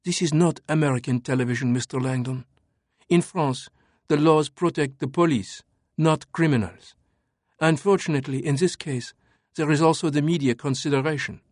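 In audiobook narration, a man voices an urgent young French woman cryptographer, speaking earnestly, pressing her point while explaining calmly. He pitches above his own voice, a little high yet close to everyday speech, at a moderate pace. The audio is studio quality with no room sound.

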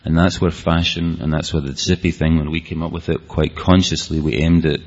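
A man's voice: extremely low pitch, fairly even intonation, brisk. A man with a Scottish accent giving an earnest, rambling talk to an audience, often restarting his sentences. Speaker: speaker. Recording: dull, lo-fi hall recording.

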